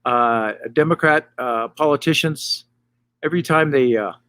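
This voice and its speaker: A middle-aged man doing a loose, rambling stand-up monologue to camera from a hot tub, with deadpan punchlines. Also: medium pitch, a little slow, clean tone, no echo, clean studio sound. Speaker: stand-up comedian, host. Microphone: camera mic.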